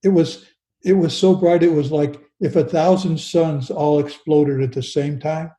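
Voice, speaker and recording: An older man slowly and earnestly telling a personal story as an interview guest, often restarting his sentences. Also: fairly high pitch, fairly even intonation, mellow, roomy sound, low-quality recording.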